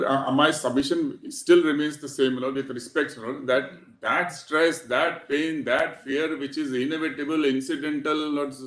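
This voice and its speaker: A male advocate with an Indian English accent argues his case in a formal, deferential courtroom manner, peppering his points with my lord. His voice sits a little high. The sound carries the echo of a large hall. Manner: formal, deferential, keeps addressing the bench as my lord. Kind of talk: courtroom argument.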